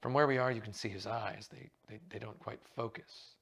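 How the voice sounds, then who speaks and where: A man's voice: on the low side, fairly even intonation, moderate pace, a bit bright, husky. A man voicing an earnest, slightly uneasy male theatre-goer in a read-aloud mystery novel.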